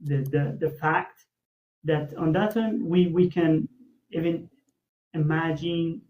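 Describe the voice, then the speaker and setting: A hesitant interview host from Afghanistan asks questions over a tinny line, using many fillers. His voice is fairly high-pitched and slow.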